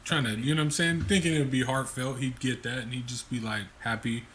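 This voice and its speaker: A man co-hosting a podcast, laid-back, dropping quick jokes and reactions in casual chat. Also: mid-range voice, steady tone, fairly bright tone, a little hiss or hum. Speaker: podcast co-host.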